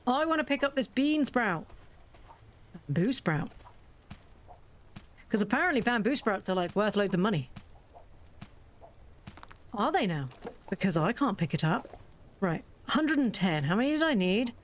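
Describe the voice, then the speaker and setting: A woman's voice: mid-range voice, sing-song, moderate pace, pauses often, a little hiss or hum. A woman chatting casually and mocking herself as she plays through a farming game. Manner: chatty, self-mocking, thinks aloud. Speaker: game streamer. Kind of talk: casual let's-play commentary.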